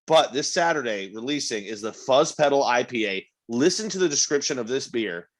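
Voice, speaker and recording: A man co-hosting a podcast, excitable, swearing and full of crude jokes. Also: medium pitch, moderate pace. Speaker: podcast co-host. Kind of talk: casual chat.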